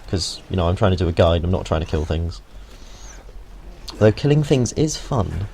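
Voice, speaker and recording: A man's voice: low voice, lively intonation, moderate pace, creaky, darkish tone, slight background noise. A young man giving a casual, jokey video game walkthrough, rambling into asides and swearing now and then. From United Kingdom. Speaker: gaming video host. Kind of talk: casual gameplay walkthrough commentary.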